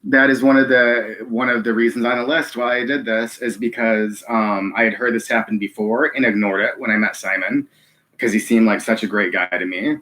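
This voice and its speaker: A man hosting a live stream, reading chat and speaking earnestly, halting with many ums and restarts, close to tears. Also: on the low side, fairly even intonation, sharp tone.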